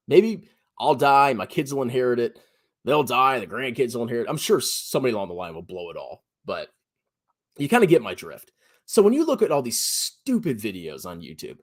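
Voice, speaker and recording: A man in his thirties giving blunt, sarcastic personal finance commentary on his own channel, often jumping to a high mocking pitch. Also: sing-song, brisk. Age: 30s. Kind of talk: animated solo commentary.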